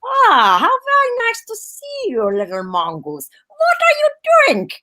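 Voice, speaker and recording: A woman's voice: extremely high pitch, wildly swooping pitch, a little slow, pushed and bright, heavily acted. Woman playing a German man with a thick accent. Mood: mock-friendly. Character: German man visiting, overly polite.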